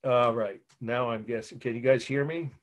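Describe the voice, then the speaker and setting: Man, college instructor, online lecture, conversational, restarts, asides, mid pitch. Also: normal speed. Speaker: college art history instructor. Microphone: computer mic on a video call. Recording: video call audio with dropouts.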